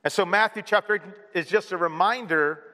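A man's voice: high-pitched, fairly quick, sharp tone. A man preaching a sermon as pastor, earnest, with many rhetorical questions. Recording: long hall reverb.

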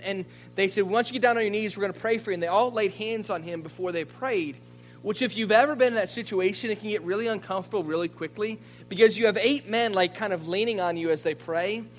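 A man preaching a sermon as a pastor, telling a story in a lively way and often repeating words as he goes. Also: high voice, slight background noise, rough recording. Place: church.

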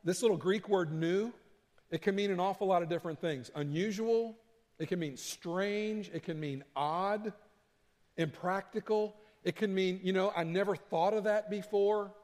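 A man's voice: high-pitched, normal speed, darkish tone. A man preaching a sermon as pastor, telling the story in a conversational, emphatic way. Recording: long hall reverb.

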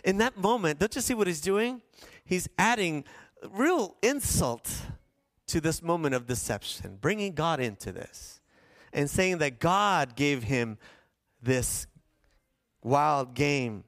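A man preaching a sermon in a slightly higher voice, telling a scripture story with playful asides and asking the congregation questions. The sound is close and dry, with little room echo. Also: lively intonation, slow pace, a bit bright. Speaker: pastor.

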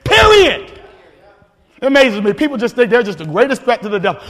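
High-voiced shouting preacher in a hall. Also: male voice, brisk. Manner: energetic, shouting preacher with repetitions and restarts. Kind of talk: sermon. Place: church sanctuary. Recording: long hall reverb, faint congregation.

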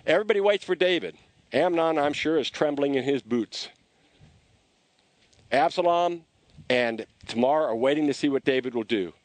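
Male preacher, chatty sermon delivery, animated with restarts, dry recording. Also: a little high, no room sound. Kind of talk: conversational sermon storytelling.

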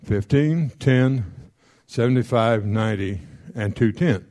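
Man, folksy money lecture, mellow dark voice, checks in with class, quick strings of numbers. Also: mid-range voice. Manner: folksy, checks in often with the audience; rattles off figures quickly. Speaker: financial counselor teaching a class. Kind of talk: classroom lecture on debt repayment.

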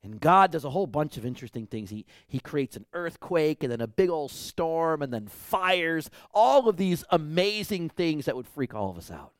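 A man preaching a sermon, swinging from loud emphasis to whispers and building repeated calls to action. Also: fairly high pitch, sing-song, normal speed, few pauses, no room sound, clean studio sound. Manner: repetitive exhortations. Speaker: pastor.

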